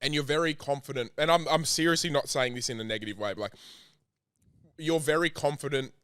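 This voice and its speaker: A man's voice: a little high, fairly quick, fairly bright tone, clear, resonant tone, no echo, studio quality. A man co-hosting a casual podcast who asks earnest, supportive questions. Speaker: podcast co-host.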